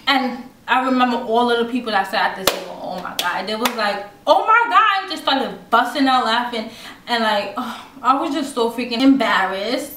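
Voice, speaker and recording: A young woman telling a school story in a casual, animated way, full of fillers and restarts. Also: a little high, moderate pace, recorded from a distance. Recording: roomy, off-mic with faint noise.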